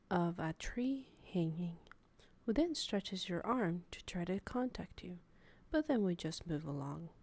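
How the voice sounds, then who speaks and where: A solemn nature documentary narrator murmurs in a low, mostly unvoiced whisper, going slowly and gravely, as a woman puts it on. The tone is mock-serious and quiet, a whispered role-play.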